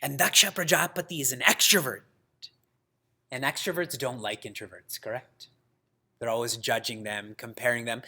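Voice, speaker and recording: A man teaching a scripture class, telling stories in a lively way, laughing often and using Sanskrit terms. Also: medium pitch, normal speed, breathy edge. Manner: lively storytelling with frequent laughs. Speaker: spiritual teacher.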